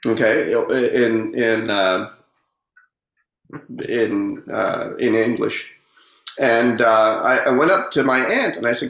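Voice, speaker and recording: A man's voice: a little high, expressive, fairly bright tone. A man telling personal stories in a reflective, casual way, often repeating and restarting words. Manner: halting, repeats words, earnest storytelling. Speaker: speaker on personal growth. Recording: roomy echo.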